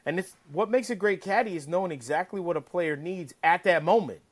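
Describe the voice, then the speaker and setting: Animated man telling a profane story. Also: high-pitched, fairly quick. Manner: animated, profane, acts out quotes. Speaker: caddie-turned-broadcaster guest. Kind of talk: casual storytelling.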